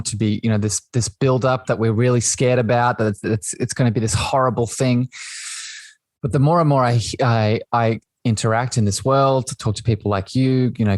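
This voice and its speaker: A podcast host with a lowish male voice talks in a thoughtful, reflective way. He often checks in with his listener by asking "right?". His voice sounds close and dry, with no room echo. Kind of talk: reflective conversation.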